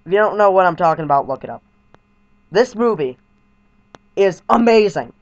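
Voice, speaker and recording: A man reviewing a movie in a vlog, heaping deadpan, over-the-top praise on it and repeating himself. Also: high-pitched, normal speed. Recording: dull lo-fi home recording.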